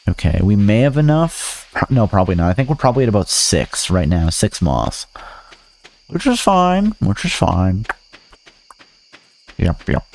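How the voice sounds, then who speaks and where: A man's voice: sits low, big pitch swings, fairly quick, vocal fry, hardly any pauses, a little mellow, a little hiss or hum. A man streaming a farming game, chatting to viewers in a goofy, rambling way with silly sing-song bits. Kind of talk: casual gameplay commentary.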